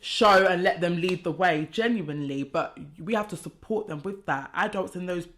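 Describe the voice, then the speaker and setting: A woman's voice: lowish voice, moderate pace, a bit bright. A woman co-hosting a podcast, speaking in a supportive, reflective way. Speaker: podcast co-host. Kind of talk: casual podcast chat.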